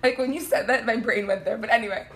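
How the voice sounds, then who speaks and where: A woman in her late thirties, a guest on a casual podcast, telling animated stories and laughing often. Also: on the high side, fast talker. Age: 30s. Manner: animated storyteller, laughs a lot. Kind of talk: casual chat.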